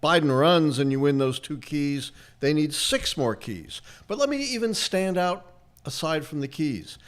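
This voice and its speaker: Older man with a Brooklyn accent. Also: mid-range voice. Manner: lecturing, emphatic, measured. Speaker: political historian guest answering questions. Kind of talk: livestream political analysis.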